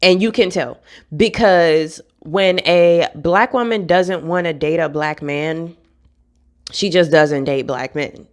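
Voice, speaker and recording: A woman's voice: fairly low pitch, takes it slowly. A young woman, speaking bluntly and with frustration in a candid vlog rant, swearing freely. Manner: blunt, frustrated, profane, laughs between points. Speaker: vlogger.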